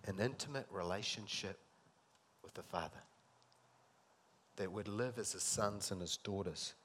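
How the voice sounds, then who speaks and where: A man preaching a sermon, acting out scripture dialogue and swinging between loud emphatic lines and soft intimate ones. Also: fairly low pitch, measured pace, husky.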